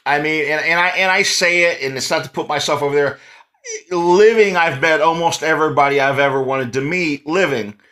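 A chatty man hosts a relaxed interview, jumping in eagerly and laughing easily. His voice sits a touch high for a man and comes across clean and direct. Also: a little fast. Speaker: interview host. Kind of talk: casual interview talk.

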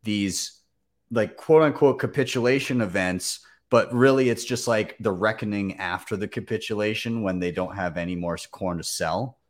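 A man's voice: lowish voice, normal speed. A man hosting a casual finance chat, who rambles with lots of fillers and bursts into exclamations. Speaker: host.

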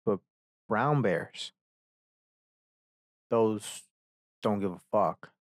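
A man's voice: fairly low pitch, drawn-out words, no room sound. Young male podcast host, loose profane rant, dry close sound. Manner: profane, rambling storyteller who acts out characters. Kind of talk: casual rant.

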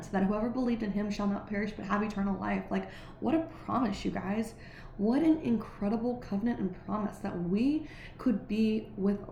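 A woman's voice: mid-range voice, vocal fry, warm tone. A woman giving a casual, earnest devotional reflection, talking conversationally with many "like"s and "right"s. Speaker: Christian devotional speaker. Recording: echoey room with faint background noise.

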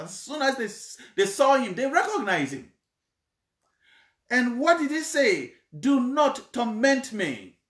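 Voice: mid-range voice, fairly bright tone, echoey room. A preacher explaining a Bible passage in a sermon, repeating points and checking in with the congregation.

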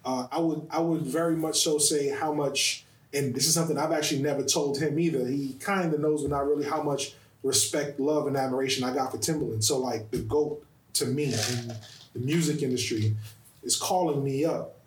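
A man hosting a podcast in casual chat, telling stories in an animated way and stressing his words. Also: mid-range voice, normal speed, echoey room, slight background noise, low-quality recording. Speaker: podcast host.

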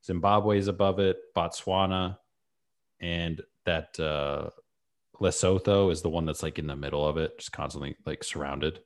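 Male podcast co-host, low voice, relaxed explainer, heavy on "like" and "you know". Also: moderate pace. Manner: laid-back, explaining with many fillers. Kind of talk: casual chat.

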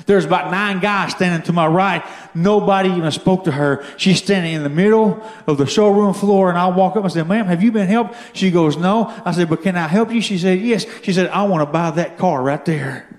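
A man telling a story from his own life as a testimony during a sermon, building to shouted fervor. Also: sits high, fairly quick, few pauses, roomy sound. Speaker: guest speaker giving testimony. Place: church.

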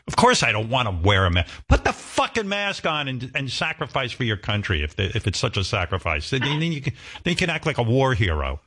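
Male radio host, deep and blunt, sarcastic edge. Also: big pitch swings, fast talker, a bit bright, breathy edge. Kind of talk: casual radio talk.

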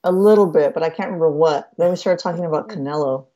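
A woman co-hosting a casual sports podcast, chatty and easygoing, quick to laugh. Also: deep voice, warm tone. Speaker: podcast co-host. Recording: slightly muffled lo-fi sound.

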